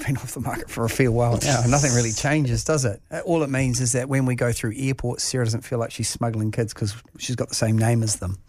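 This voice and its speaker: A man's voice: mid-range voice, fairly even intonation, quick pace, few pauses, darkish tone, no echo. A man co-hosting a breakfast radio show, chiming in with dry, laid-back quips. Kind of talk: casual radio banter. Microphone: studio microphone.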